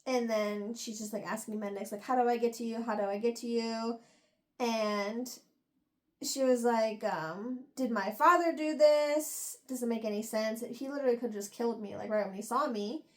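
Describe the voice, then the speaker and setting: A young woman hosting a book review podcast, casually retelling chapters in a rambling, animated way with lots of fillers. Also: a little high.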